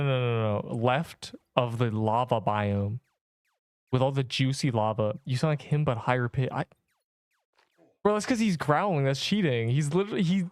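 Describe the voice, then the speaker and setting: A hoarse young man casually chatting and joking while live-streaming a game. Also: medium pitch, dry recording, clean studio sound. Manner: joking, chatty, quick to laugh.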